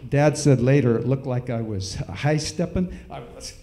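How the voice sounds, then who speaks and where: A middle-aged man telling a folksy, animated story with sound effects during a church service. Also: medium pitch, measured pace, roomy sound, a little hiss or hum. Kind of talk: storytelling in a sermon. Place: church hall.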